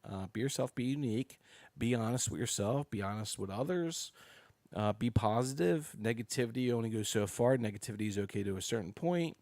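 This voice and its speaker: A man's voice: medium pitch, a little fast, no echo. A man guest on a podcast, chatting casually and telling rambling stories with plenty of swearing. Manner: excitable, rambling storyteller who swears freely. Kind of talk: casual chat.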